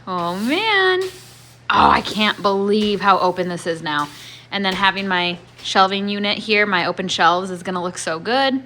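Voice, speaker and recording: A chatty woman narrates her home renovation in a relaxed vlog, laughing often and thinking aloud. Her voice sits at an ordinary middle pitch. A faint hiss runs under her talk. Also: normal speed. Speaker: homestead vlogger. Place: inside a house being renovated.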